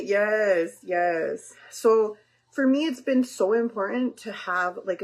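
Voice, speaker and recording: A woman and mother chatting casually with her viewers while making dinner, talking directly to them with lots of fillers. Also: medium pitch. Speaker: livestream host and mother. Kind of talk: casual chat while cooking.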